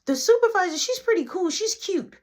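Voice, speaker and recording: A man voicing a confused, excitable young male coworker who stammers and keeps correcting himself. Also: very high voice, brisk, voice pushed up. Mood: flustered. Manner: stammering, flustered.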